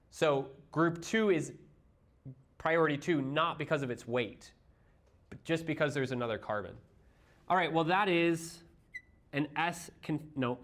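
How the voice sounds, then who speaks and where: A man's voice: on the high side, fairly bright tone. A man with a Midwestern accent reviewing chemistry for a class, explaining step by step with everyday analogies and quizzing his students. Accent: Midwestern American. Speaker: chemistry teacher.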